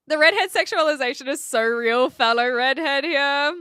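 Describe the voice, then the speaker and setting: Bright high-voiced New woman streamer. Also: unhurried, hardly any pauses, no echo, studio quality. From New Zealand. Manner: chatty, animated, frequent fillers and restarts. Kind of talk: casual live-stream chat reading viewer messages.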